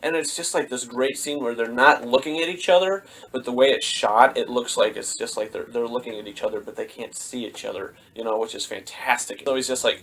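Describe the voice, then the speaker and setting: A man giving a casual film review vlog at middling pitch, loose and chatty. He rambles from point to point, leaning on fillers as he goes. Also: fairly quick, few pauses, a bit bright, slight background noise.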